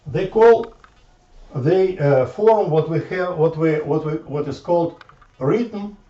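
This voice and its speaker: A man giving an informal math lecture, halting and repeating words as he thinks aloud at the board. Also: on the high side, warm tone. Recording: echoey room from far off, dull lo-fi sound.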